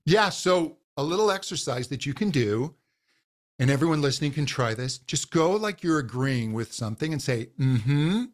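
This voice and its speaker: A man's voice: on the high side, expressive, normal speed. A man, a voice coach guest on a podcast, patiently explaining how the voice works and demonstrating exercises.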